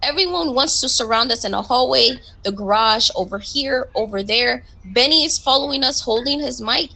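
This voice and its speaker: This roughly recorded clip features a woman's fairly high, gravelly voice with a sharp edge, moving at a moderate pace. Voicing a police recruit in a roleplay game chat, she stays in character while angrily complaining to and arguing with a superior.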